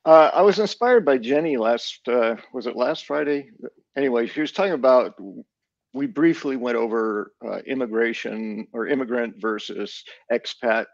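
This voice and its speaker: A man joining a live show as a guest over a video call and explaining things in a relaxed way. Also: mid-range voice, normal speed, no echo. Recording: dull video call audio.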